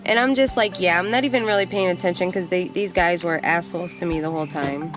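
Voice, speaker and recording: A young adult woman vlogger telling a personal story in a casual, animated way, blunt and quick to swear. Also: lowish voice, over music.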